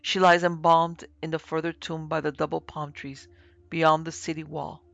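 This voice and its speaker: A man's voice: fairly high pitch, level tone, normal speed, creaky, a bit bright, no echo. A man voicing a fanatical priest, mad with joy and then cold and curt, in a dull, dry lo-fi recording. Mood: exultant.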